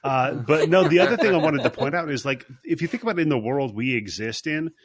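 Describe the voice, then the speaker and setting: A man hosting a casual movie podcast, talking in an animated, profane way and acting out scenes. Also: a little high, fast, a loud crowd. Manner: animated, profane, acts out characters. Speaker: podcast host.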